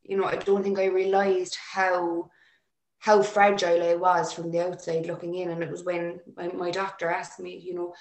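A woman telling a personal story in an emotional, halting way with many restarts. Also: fairly low pitch, level tone. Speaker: interview guest. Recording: echoey room.

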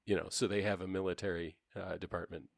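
A man's voice: low voice, little pitch movement, quick pace, vocal fry, no room sound, clean studio sound. A man co-hosting a podcast, joking and rambling in casual chat. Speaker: podcast co-host.

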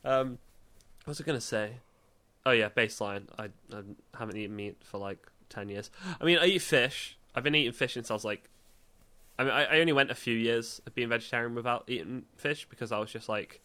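A man's voice: medium pitch, brisk, pushed and bright, clear, resonant tone. Rambling young Englishman, stammering. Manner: rambling, stammering restarts, laughs often. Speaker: podcast co-host. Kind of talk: casual chat.

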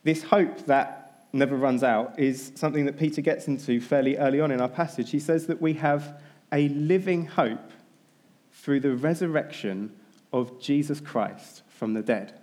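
A man's voice: fairly high pitch, darkish tone. Man preaching in a conversational way. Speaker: pastor. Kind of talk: sermon.

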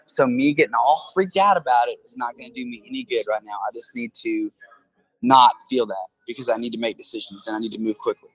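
A man's voice: medium pitch, fast talker, slightly rough, no room sound, rough recording. A man in a casual conversation who talks into a handheld phone, explaining earnestly through analogies and often checking in with "right?".

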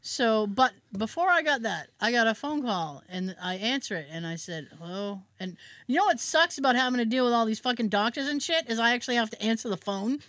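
A woman's voice: a little high, lively intonation, brisk, a bit bright, no room sound. A woman chatting casually as a podcast host, telling a story with lots of swearing and acting out both sides of phone calls. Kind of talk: casual chat.

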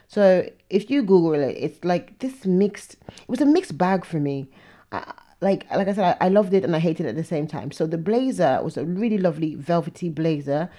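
A woman with a low, mellow voice hosts a podcast, casually chatting about awards and fashion and adding frank, opinionated asides.

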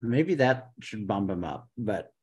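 A man co-hosting a casual sports podcast, excitable and swearing, muttering to himself as he searches. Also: fairly low pitch, a little slow, breathy edge. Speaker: podcast co-host. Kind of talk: casual chat.

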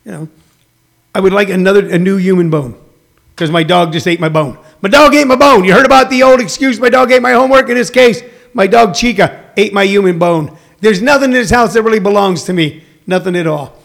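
A comedian in his sixties hosts a rambling, casual livestream from home, reading viewer comments and plugging his shows. His voice is high-pitched, brisk and creaky.

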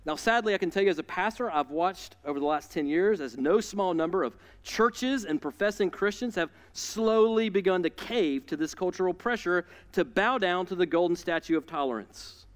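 A man preaching a sermon as a pastor, dramatic and conversational, telling a story with lively asides. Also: high voice, normal speed, hardly any pauses, clear, resonant tone. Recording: long reverb in a large hall.

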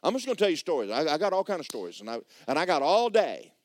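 A man preaching a sermon, telling stories in an animated, repetitive way. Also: fairly high pitch, fast, no echo.

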